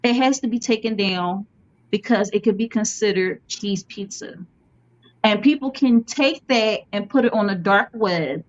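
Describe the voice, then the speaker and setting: On a casual talk show, a woman with a mid-range voice tells stories expressively at an unhurried pace. The recording has a slightly dull lo-fi sound.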